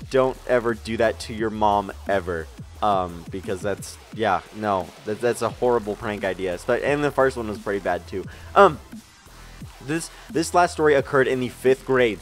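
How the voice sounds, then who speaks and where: A young man casually telling funny stories from his life, rambling with fillers and the odd swear word. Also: mid-range voice. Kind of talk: casual storytelling over gameplay.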